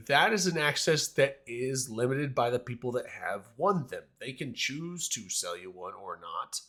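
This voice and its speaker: A man's voice: medium pitch, sharp tone. A man hosting a casual panel discussion, talking in a hesitant, rambling way with many restarts.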